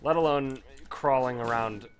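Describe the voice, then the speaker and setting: Man, let's-play commentary, rambling, swears a lot, excitable pitch jumps, mid-range voice. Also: a little slow. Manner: rambling, profane storytelling. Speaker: gameplay commentator. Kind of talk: casual gameplay commentary.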